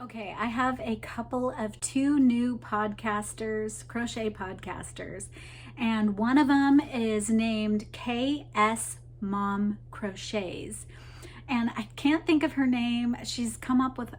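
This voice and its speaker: A woman's voice: a little high, slight background noise. A woman hosting a crochet podcast, chatting casually to camera about her projects, rambling with asides to viewers. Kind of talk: casual show-and-tell chat to camera.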